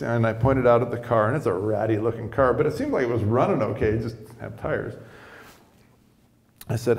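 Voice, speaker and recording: A male pastor tells a story from the pulpit in a relaxed, conversational way, often pausing and restarting. His voice sits at an ordinary middle pitch. A long reverb from a church hall trails each phrase. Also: creaky. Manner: conversational, self-deprecating, repeats and restarts. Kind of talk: storytelling sermon. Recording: echoey hall.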